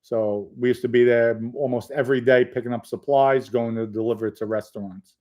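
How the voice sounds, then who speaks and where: Fairly quick and steady, this mid-range, slightly mellow voice belongs to a middle-aged man running a laid-back livestream. He reads out comments, jokes around with the chat, and rambles through personal stories.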